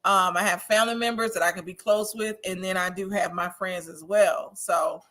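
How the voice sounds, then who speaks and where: Woman host from Wisconsin, casual recap chat, bright voice, opinionated and quick to laugh. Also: medium pitch, fairly even intonation. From Wisconsin, USA. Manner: chatty, laughs often, opinionated. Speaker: host of a TV recap show reading viewer comments.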